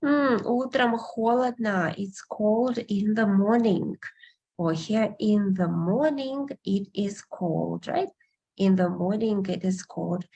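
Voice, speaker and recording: A woman from Russia, patiently teaching a beginner language class online and repeating words slowly for her students. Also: mid-range voice, mellow, highs cut off.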